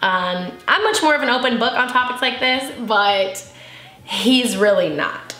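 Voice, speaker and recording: A beauty vlogger in her twenties chats candidly and emotionally while doing her makeup in a casual get-ready-with-me video, open and giggly throughout. Her voice is on the high side, animated and sharp in tone, and she speaks unhurriedly. The room echoes, with faint music behind her.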